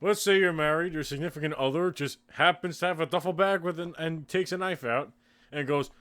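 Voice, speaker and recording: A young man hosting a reaction video, animated and chatty. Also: a little high, brisk. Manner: animated, laughing. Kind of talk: casual chat.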